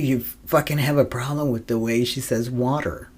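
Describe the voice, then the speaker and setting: A man's voice: mid-range voice, steady tone, normal speed, a little mellow, breathy edge. A man hosting his own podcast in a casual solo monologue, rambling and profane, with frequent laughs and fillers. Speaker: podcast host.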